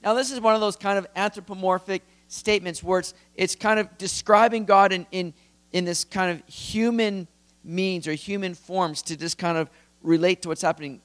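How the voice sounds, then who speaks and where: A man's voice: high-pitched, a bit bright. A male pastor preaching an expository sermon. His voice sits a little above the usual male range, and he explains the text in an easy, conversational way. He turns emphatic when he presses a point home.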